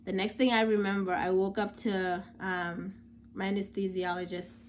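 A woman's voice: medium pitch, level tone, normal speed, slight background noise. A young woman, a new mother, telling a personal story in a casual, chatty way with lots of filler words.

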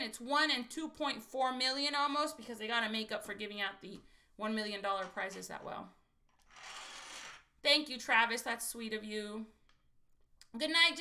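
Speaking straight to her viewers, a woman from Texas runs a casual scratch-off lottery livestream in a high, creaky voice. She's excitable and chatty, repeatedly saying "you guys."

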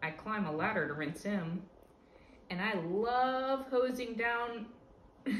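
A woman reading a picture book aloud to a child in a lively, expressive way, at home. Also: mid-range voice, takes it slowly, pauses often, slight background noise. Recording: roomy echo with faint ambience.

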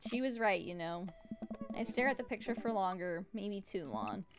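A woman's voice: mid-range voice, lively intonation, moderate pace. A woman streamer reading game dialogue aloud and chatting playfully, with music behind her. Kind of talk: reading game text aloud, casual chat.

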